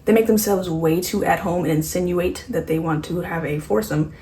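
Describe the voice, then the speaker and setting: A woman's voice: on the low side, normal speed, mellow, slight background noise. A woman casually recapping a horror movie while doing her makeup, rambling, correcting herself and tossing in sarcastic asides. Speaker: beauty vlogger.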